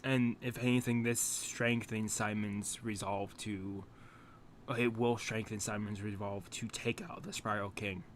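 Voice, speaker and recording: A young man talking to camera after watching an anime episode, halting and close to tears, swearing and restarting his sentences. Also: fairly low pitch, level tone, slight background noise. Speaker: anime reaction channel host. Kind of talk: emotional reaction talk to camera.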